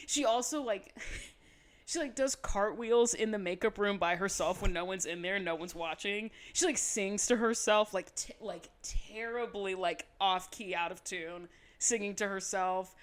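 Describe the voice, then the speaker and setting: A woman co-hosting a podcast, recapping in casual chat with animated, swear-filled asides. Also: medium pitch, measured pace. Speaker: podcast co-host.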